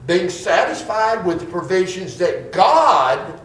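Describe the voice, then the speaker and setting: A man preaching a sermon with a slow, emphatic delivery and dramatic drawn-out pauses. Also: sits high, very animated, a bit bright. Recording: roomy, distant mic with faint ambience.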